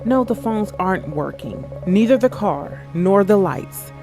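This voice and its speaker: A man's voice: sits high, expressive, unhurried, voice pushed up. A man reading the lines of a hostile, bitter woman guest in a game, curt and scornful. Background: game music.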